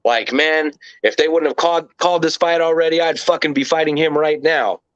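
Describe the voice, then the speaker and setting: A man's voice: a little high, fairly quick, no echo. Swearing man telling a story, dull sound. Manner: animated, profane, rambling. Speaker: interview guest. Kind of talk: casual storytelling. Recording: dull lo-fi dry recording.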